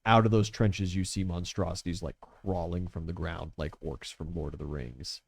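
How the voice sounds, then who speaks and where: Low-voiced young man game master. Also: steady tone, normal speed, gravelly. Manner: casual descriptive narration with frequent "like". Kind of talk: narrating a tabletop game.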